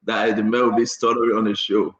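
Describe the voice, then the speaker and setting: Man, talk show host, animated, laughing, teasing, echoey muffled audio. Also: lowish voice, brisk. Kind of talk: live political talk show. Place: New Jersey.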